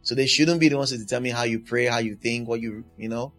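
A man's voice: mid-range voice, steady tone, quick pace, a bit bright, soft background music. A man preaching a sermon, emphatic and driving his points home by repeating them.

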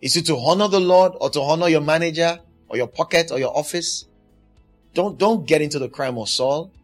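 Male preacher, emphatic and repetitive delivery, slightly high pitch; soft music bed. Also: brisk. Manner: emphatic, repeats exhortations. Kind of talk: sermon.

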